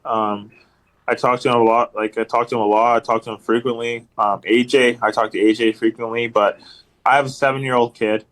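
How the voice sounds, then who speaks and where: A man's voice: mid-range voice, little pitch movement, fairly quick, a bit bright. A man guest on a podcast, telling casual stories in a rambling way, full of ums and repeated phrases. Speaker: podcast guest, hockey enforcer. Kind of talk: casual storytelling chat.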